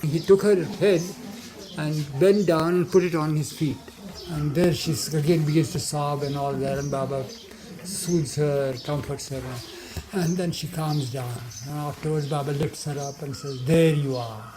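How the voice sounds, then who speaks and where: A man's voice: on the high side, steady tone, normal speed, crowd noise. Older man rambling through a memory. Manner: meandering, with trailing asides and restarts. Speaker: devotee recounting memories. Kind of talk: rambling spoken reminiscence.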